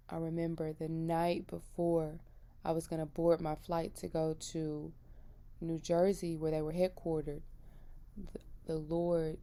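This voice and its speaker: A woman's voice: on the low side, mellow. A woman in her thirties giving an earnest, emphatic personal testimony about her faith. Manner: earnest and emphatic, retelling with feeling. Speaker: christian vlogger.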